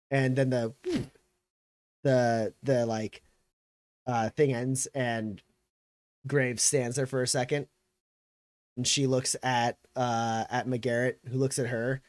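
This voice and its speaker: A man narrating a tabletop game as game master, in a loose, halting way with many fillers. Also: medium pitch, little pitch movement, no room sound, clean studio sound.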